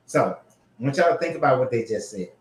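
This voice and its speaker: A man hosting a casual commentary show, reading scripture aloud and reacting in an animated, profane way. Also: medium pitch, fast, echoey room. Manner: animated, profane, frequently laughing. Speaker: host.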